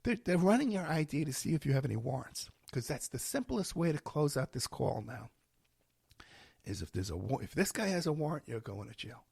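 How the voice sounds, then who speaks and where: A man with a hoarse, worn-out voice telling a story and giving advice as a podcast guest, acting out the voices he quotes. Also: fairly high pitch, brisk, dry recording, clean studio sound. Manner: animated, acts out quoted voices. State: hoarse, losing his voice.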